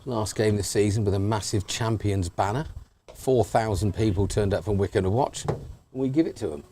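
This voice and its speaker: A man's voice: on the low side, a little fast. An English man doing casual, banter-filled live cricket commentary outdoors at a ground. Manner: chatty, banter-filled, shouts out to people. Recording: faint background noise.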